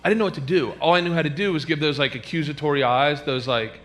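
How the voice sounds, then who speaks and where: A man doing a stand-up routine on stage, animated, breaking into squeals and shouts for effect. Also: a little high, fast talker. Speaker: stand-up comedian.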